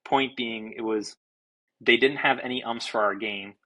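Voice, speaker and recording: A young man, a baseball pitcher and podcast guest, telling a story in an animated, casual way, swearing freely and restarting his sentences. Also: normal speed, poor audio. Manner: animated, self-described fiery, swears freely, many restarts.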